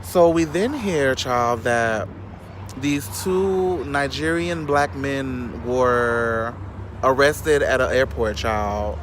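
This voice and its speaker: A man's voice: mid-range voice, drawn-out words, fairly bright tone, a little hiss or hum. A man from Chicago giving sassy, shady gossip commentary outdoors, constantly calling the listener "child". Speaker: vlogger. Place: outdoors in sunlight.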